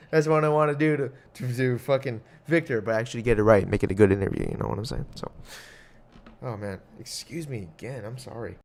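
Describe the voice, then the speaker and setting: A young man hosts a casual solo podcast in a creaky, mid-range voice at a fairly quick pace. He rambles, swears and cracks jokes, with an occasional cough.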